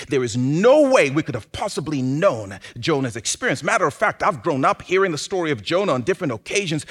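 A man preaching a sermon, swinging from hushed, drawn-out phrases to sudden shouts. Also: mid-range voice, husky. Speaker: pastor.

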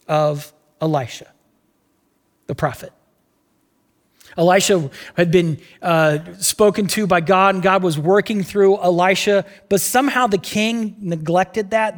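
A man preaching a casual sermon, telling the story with animated voices and quick asides. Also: high-pitched, big-room sound. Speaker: pastor.

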